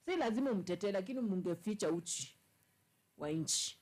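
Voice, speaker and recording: A woman's voice: mid-range voice, lively intonation, fairly quick, a little mellow, rough recording. A woman with a Kenyan accent in casual political chat, scolding emphatically and repeating her points. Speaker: commentator.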